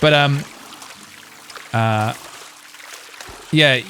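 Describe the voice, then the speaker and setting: A man's voice: medium pitch, extremely slow, pushed and bright, slight background noise. A man with an English accent, chatting on a live stream and reading posts aloud, musing as he goes, trailing off, restarting and laughing to himself. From England.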